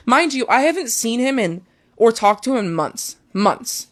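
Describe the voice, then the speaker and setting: A woman's voice: on the high side, lively intonation, normal speed, a bit bright, dry recording, clean studio sound. A young woman talking as a guest, telling an emotional personal story casually with many fillers.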